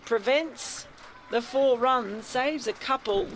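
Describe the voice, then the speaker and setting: A woman's voice: fairly high pitch, takes it slowly, a little hiss or hum. A woman doing radio cricket commentary in a chatty way, lifting her energy when a shot races toward the boundary. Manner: chatty, rises in energy on big shots. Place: commentary box at a cricket ground.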